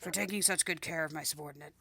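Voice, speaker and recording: A woman's voice: low voice, rapid-fire, vocal fry, background noise. A woman voicing a mysterious male villain who speaks through a voice changer, with a cold, controlled and menacing manner, in a spoken game playthrough.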